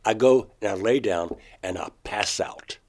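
Halting, low-voiced man recounting an experience. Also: a little mellow. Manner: halting, restarts mid-phrase, voice rising sharply when quoting himself. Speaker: interview guest, painter.

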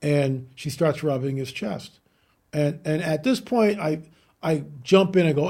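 Gravelly man telling a strange tale. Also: a little high, normal speed. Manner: animated storyteller, repeats for emphasis. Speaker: guest, UFO researcher. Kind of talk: podcast interview storytelling.

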